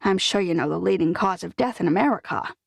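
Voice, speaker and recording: A stubborn older lady with a bossy, blunt tongue, as a woman narrator puts her on. Her voice swings widely in pitch and carries a gravelly edge, set close and dry in a storybook reading. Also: animated, quick pace, dry recording, exaggerated voice. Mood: defiant.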